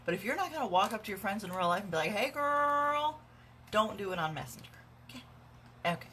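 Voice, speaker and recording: A woman's voice: medium pitch, animated, rapid-fire, a bit bright, a little hiss or hum. A woman direct sales consultant giving casual how-to advice in a vlog, chatty with lots of fillers and dry, sarcastic humor, recorded on a phone at home. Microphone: phone camera.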